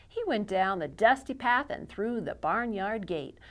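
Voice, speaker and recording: A woman hosting a storytime for young children, reading picture books aloud with an expressive, animated delivery. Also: medium pitch, a little slow. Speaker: children's librarian.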